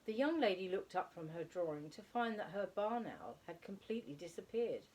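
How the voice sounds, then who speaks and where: Woman narrator, children's story, animated, husky. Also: mid-range voice. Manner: expressive, slowing for emphasis. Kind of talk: reading a children's story aloud.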